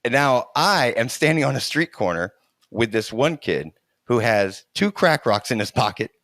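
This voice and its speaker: A middle-aged man telling a childhood story in casual conversation, animated and laughing often, restarting his sentences as he goes. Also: medium pitch, moderate pace, dry recording, clean studio sound.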